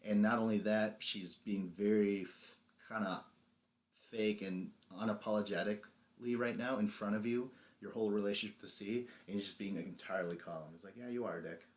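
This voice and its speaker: A man's voice: on the low side, fairly even intonation, normal speed. A young man co-hosting a podcast, animatedly retelling a reality show episode, acting out the lines and laughing often. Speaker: podcast co-host. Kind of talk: casual recap chat.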